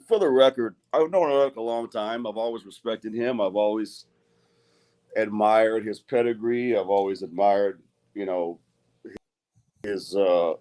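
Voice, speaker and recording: A man's voice: fairly low pitch, warm tone. A middle-aged man, an arm wrestler, speaking bluntly and with a lot of swearing in a heated live-stream rant. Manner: profane, blunt and agitated.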